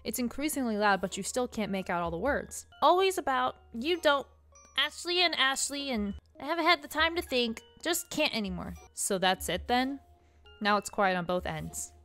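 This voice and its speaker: A woman's voice: sits high, animated, moderate pace, fairly bright tone. A woman reading a tired young guy stumbling through a tense call, faint music under it. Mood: strained. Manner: hesitant, stumbling. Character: weary young man, polite but strained.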